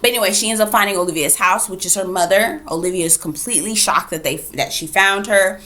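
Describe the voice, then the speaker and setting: Woman chatting through a tv episode recap, bright voice, keeps acting out lines. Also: mid-range voice, fast talker. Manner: animated, retells scenes with voiced quotes and asides. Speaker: TV reviewer. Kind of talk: casual recap with acted-out quotes.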